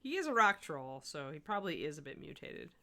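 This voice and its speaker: Chatty bright-voiced woman painting and talking. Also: low voice, brisk. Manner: chatty, thinks aloud, self-correcting and animated. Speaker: miniature painting livestream host. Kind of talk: casual chat while painting, answering chat.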